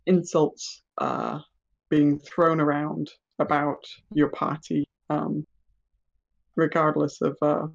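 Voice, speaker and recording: A game master narrating a tabletop game, pausing often with ums and uhs. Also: medium pitch, little pitch movement, creaky, muffled recording. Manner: halting, with many ums and uhs.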